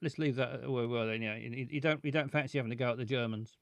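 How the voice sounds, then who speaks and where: A man's voice: mid-range voice, steady tone, fast, no echo, muffled recording. A man chatting casually and jokily, often stumbling and repeating his words as he reads out viewer questions. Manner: stammering, repeats words, jokey. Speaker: streamer reading viewer questions. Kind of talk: casual chat.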